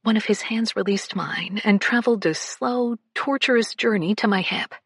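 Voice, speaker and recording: A woman narrating a first-person romance audiobook, breathy and often slipping into whispers. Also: medium pitch, moderate pace, dry recording, clean studio sound.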